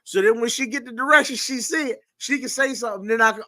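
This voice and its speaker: A man hosting a casual group chat, animated and putting questions to his guests. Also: very high-pitched, quick pace, no echo. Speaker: podcast host.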